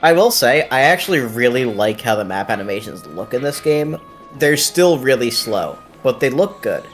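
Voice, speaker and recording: A man's voice: medium pitch, big pitch swings, moderate pace, soft background music. Teasing man chatting over a game. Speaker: friend co-commentating. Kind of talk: casual gameplay chat.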